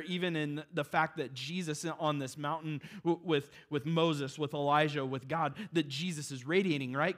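A man preaching a sermon in a conversational, animated way, with casual asides to the congregation. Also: a little high. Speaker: pastor.

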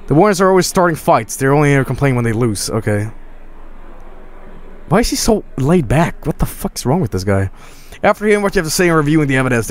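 A young man casually commenting while he plays a video game, excitable and often swearing. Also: a little high. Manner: excitable, swearing, laughing, reading game lines aloud. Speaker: streamer. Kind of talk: casual let's-play commentary.

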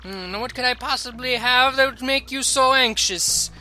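A man's voice: very high voice, moderate pace, bright, forceful tone, soft background music, pitched above the performer's own voice, full character voice. A man voicing a pompous, vain male nobleman in a game, speaking in a grand, theatrical way. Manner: grand, theatrical and self-important.

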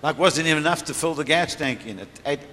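He talks fast, his voice high, bright and forceful: a middle-aged preacher telling a testimony story to the congregation and laughing often. The recording comes from a reverberant church hall with faint noise in the room.

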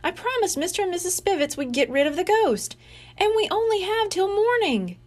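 An earnest young boy speaks in a high, steady voice, as a woman reading a storybook puts him on. He sounds sensible and brave. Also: a little fast.

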